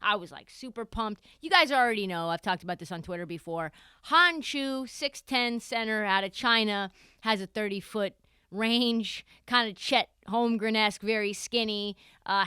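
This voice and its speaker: A young adult woman hosting a podcast, telling a casual story in an animated, chatty way and swearing freely. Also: mid-range voice, smooth, no echo, clean studio sound. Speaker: podcast host.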